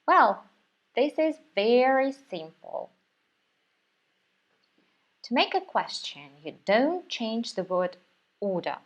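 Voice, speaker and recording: Female language teacher, Russian accent, very unhurried delivery, patient and repetitive, slightly dull recording. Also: on the high side, very animated. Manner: patient, repeats words slowly for learners. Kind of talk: slow, careful language lesson.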